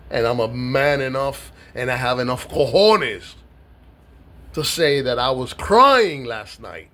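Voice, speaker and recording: A middle-aged man from New York giving an emotional personal monologue to camera, speaking in a heartfelt, halting way with many pauses and repeated words. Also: medium pitch, animated, pushed and bright. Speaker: vlogger.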